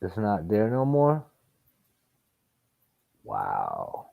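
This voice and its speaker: A man reacts to boxing on a livestream with a fairly low voice and an unhurried delivery. He talks casually, swears freely and stresses his points. The audio is dry and muffled, like lo-fi stream sound. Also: wildly swooping pitch, vocal fry, no room sound. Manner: profane, emphatic, drawn-out remarks. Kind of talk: casual live commentary.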